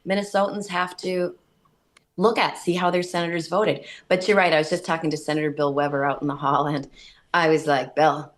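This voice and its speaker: A woman, a state senator, chatting as a guest on a radio show and telling stories in an animated way. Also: deep voice, fairly quick. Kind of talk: casual radio interview.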